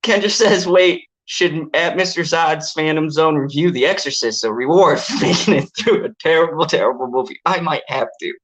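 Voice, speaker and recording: A woman's voice: moderate pace, hardly any pauses. A woman hosting a casual movie review chat, ranting and swearing in exasperation. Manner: exasperated, swearing, ranting with animated pitch jumps.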